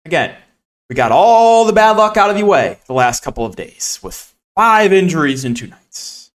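A man hosting a fantasy sports podcast in casual solo commentary. He is sarcastic and exasperated, keeps repeating "right?", and swings between low mutters and loud outbursts. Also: sing-song, moderate pace. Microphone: camera facing speaker.

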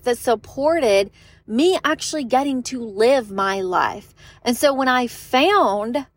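A woman's voice: on the high side, no room sound. A young woman giving a chatty, emphatic motivational talk about business, often laughing and acting out quoted voices. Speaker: online business coach.

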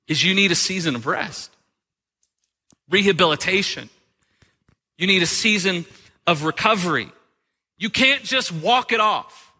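A man's voice: on the high side, bright, forceful tone, in a large hall. A man pastor giving a sermon in a conversational, joking way, with rhetorical questions to his listeners.

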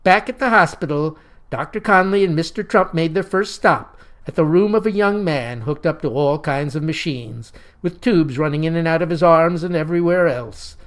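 A man narrating a satirical story in a wry, deadpan, mock-heroic tone. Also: fairly high pitch, moderate pace. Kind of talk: satirical storytelling with voiced dialogue.

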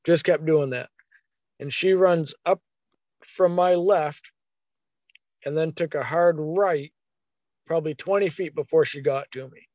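A man telling a hunting story in a casual, animated way, acting out his own thoughts as quotes. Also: a little high, measured pace, pauses often, dry recording.

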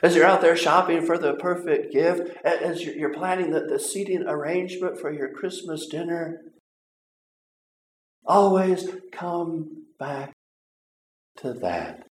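A man preaching a sermon, earnest and halting, with repeated words and long pauses. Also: a little high. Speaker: pastor. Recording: roomy echo.

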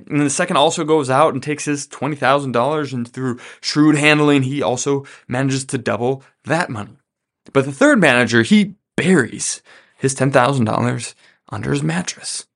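A man's voice: mid-range voice, fairly bright tone. A man hosting a podcast, teaching about money from a Bible story in a casual way and often checking in with "right?". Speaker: podcast host.

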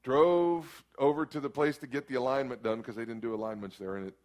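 A middle-aged man, preaching a storytelling sermon that swings from hushed asides to sudden shouts. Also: medium pitch, steady tone, fairly quick. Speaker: pastor.

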